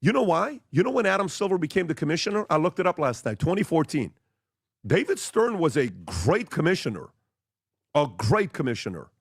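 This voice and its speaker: A man on a podcast delivers heated, challenging commentary with a fairly high voice that swings widely in pitch. His talk is full of rhetorical questions, and the sound is dry and close. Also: sing-song, brisk, breathy edge, no room sound. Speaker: podcast host.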